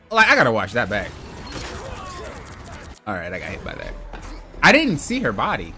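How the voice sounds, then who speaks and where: Animated man ranting over gameplay. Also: a little high, moderate pace, a little hiss or hum. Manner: exasperated, playful trash talk to teammates; mock-complaining, teasing. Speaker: streamer playing a hero shooter. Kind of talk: live gameplay commentary.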